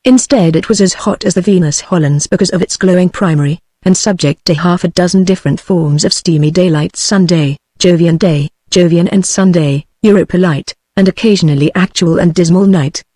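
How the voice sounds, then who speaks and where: A woman's voice: on the low side, brisk, hardly any pauses, no echo, clean studio sound. Synthetic British female audiobook narrator. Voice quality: synthetic text-to-speech voice. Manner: flat, even reading. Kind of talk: scripted narration.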